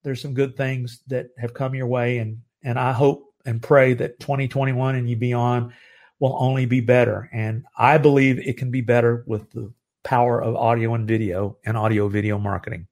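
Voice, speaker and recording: A middle-aged man from the United States hosting a live stream, talking earnestly with halting restarts and growing emotional. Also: mid-range voice, little pitch movement, a little mellow. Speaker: live show host. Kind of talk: heartfelt live-stream talk.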